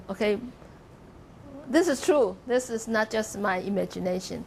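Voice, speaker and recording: A woman's voice: on the high side, normal speed, slight background noise. A woman giving a university lecture to a class of students, explaining step by step and modelling pronunciations aloud as she goes. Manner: explains step by step, demonstrating pronunciations and asking "okay?".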